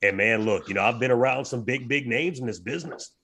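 A man, speaking at a middle pitch as a fight announcer guest on a podcast. He tells stories in an animated way, acting out other people's lines in a raised voice. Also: fast talker. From South Louisiana. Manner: animated storyteller, acts out dialogue in a raised voice. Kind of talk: casual podcast chat, storytelling.

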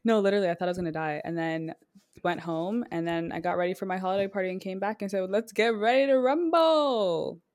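A woman's voice: on the low side, fast. Chatty young woman telling stories. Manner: chatty storyteller, animated, heavy on 'like'. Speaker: podcast co-host. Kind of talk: casual chat.

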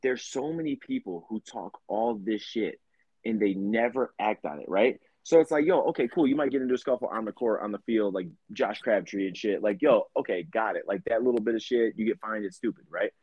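Husky male podcast co-host, animated and profane, dry and slightly dull sound. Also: lowish voice, fairly quick, no echo. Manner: profane, animated storytelling with put-on quotes. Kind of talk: casual chat.

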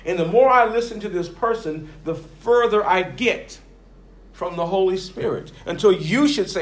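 Guy preaching a sermon, kinda high voice, big ups and downs, echoey room. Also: lively intonation, moderate pace. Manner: rising and falling emphatically, acting out quoted voices.

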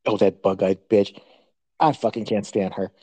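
A woman's voice: extremely low pitch, steady tone, normal speed, warm tone, husky, no room sound. A woman co-hosting a podcast in casual chat, ranting crudely and laughing often. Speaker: podcast co-host.

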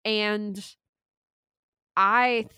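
A woman's voice: mid-range voice, fairly even intonation, drawn-out words, pushed and bright, clear, resonant tone, no room sound. A woman co-hosting a podcast in casual chat, telling stories chattily and laughing often. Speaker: podcast co-host.

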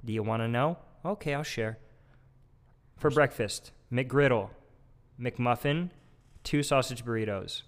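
A man's voice: mid-range voice, unhurried. Young guy chatting on a podcast, mid voice, laughs at himself a lot. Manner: laughing, self-deprecating. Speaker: podcast co-host. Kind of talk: casual chat. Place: back of a gym.

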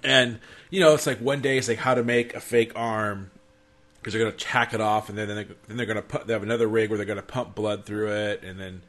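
A man co-hosting a casual podcast chat, animated and profane, laughing often. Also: lowish voice, fairly quick. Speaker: podcast co-host.

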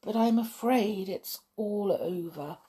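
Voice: mid-range voice, slow pace, dark tone, breathy edge. A woman reading aloud voices a resigned adult male hospital porter who mutters.

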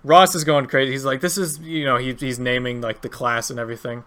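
A man narrating as game master of a tabletop game, animated and laughing often as he quotes characters. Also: medium pitch, fairly quick.

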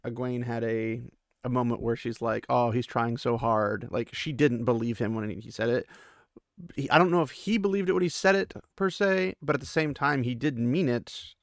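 A man's voice: mid-range voice, gravelly, no echo, studio quality. A male podcast host giving a casual, rambling recap of a book chapter, full of fillers and asides. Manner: rambling and chatty, with many fillers.

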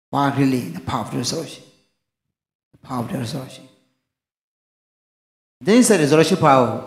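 A fairly high-pitched male pastor preaches in an echoey room. His sermon runs on call and response, with questions left for the congregation to finish and local phrases mixed in.

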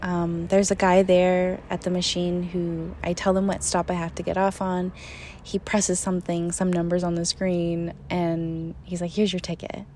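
A young woman telling a travel story in a casual, animated way, often laughing and acting out what people said. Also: lowish voice, normal speed, slight background noise. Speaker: storyteller recounting a trip.

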